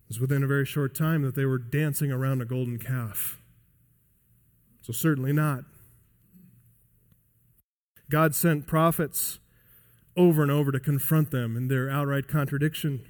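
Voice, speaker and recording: A male pastor preaching a sermon emphatically, swinging between loud high emphasis and quiet low drops. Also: steady tone, moderate pace, pauses often, big-room sound. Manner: emphatic preaching with wide swings in pitch and loudness. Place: church sanctuary.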